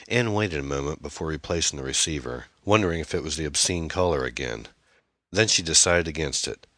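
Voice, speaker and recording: A man narrating an audiobook in a measured, expressive storytelling manner. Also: extremely low pitch, dry recording.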